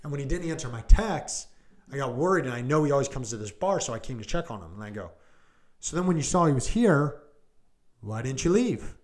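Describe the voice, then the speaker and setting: The male deputy, probably thirties, speaks in an animated mid-range voice at a slightly quick clip. He's casually narrating a call for a podcast chat, peppering it with "like" and "I go" and voicing what people said.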